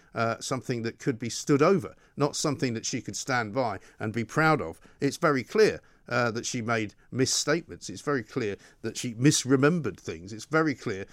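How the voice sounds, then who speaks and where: A man's voice: medium pitch, no echo, clean studio sound. A man hosting a talk radio show, speaking in a forthright, conversational way.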